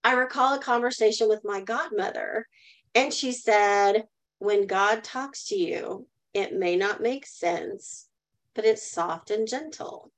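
A woman's voice: medium pitch, takes it slowly, rough recording. A middle-aged woman telling a personal story as a guest in a live online talk, earnestly, and asking the audience to answer in the chat. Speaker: guest speaker.

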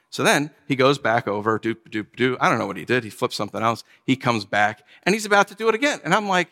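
A man's voice: mid-range voice, animated, quick pace, hardly any pauses, pushed and bright. A man preaching a sermon as pastor, conversational and joking, acting out small stories. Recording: long hall reverb.

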